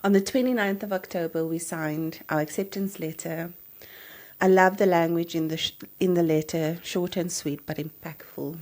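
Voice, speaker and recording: A woman in her thirties hosts a podcast, telling a personal story with animated, emotional energy. Her voice sits a little lower than most women's. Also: normal speed. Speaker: podcast host.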